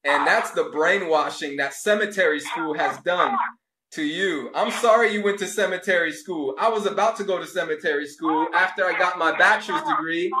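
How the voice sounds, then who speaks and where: A man's voice: a little high, normal speed, roomy sound, noisy background. A man rebuking a caller, taunting and sarcastic in a preachy rant. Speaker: religious video host.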